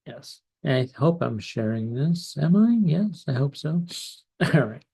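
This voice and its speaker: A man working as an astrologer, talking slowly and hesitantly with many pauses and fillers as he shares charts on a live stream. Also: mid-range voice, creaky, dark tone, slightly rough. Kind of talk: slow casual live-stream talk. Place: home in California.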